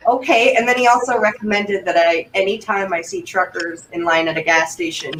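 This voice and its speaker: A talkative woman from Vermont rambles through her anecdotes on a livestream, quoting herself as she goes. Her voice sits at a middling pitch and sounds a little distant from the microphone, with a faint noise underneath. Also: brisk. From Vermont, United States. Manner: chatty, rambling, breathless anecdotes with quoted asides. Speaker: guest. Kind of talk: casual chat, animated storytelling.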